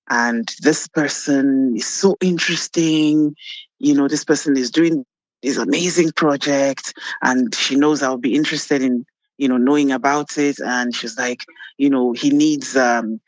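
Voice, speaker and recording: A man talking as a podcast guest, who shares life lessons and tells a story in a reflective, unhurried way. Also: medium pitch, no echo. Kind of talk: casual interview chat.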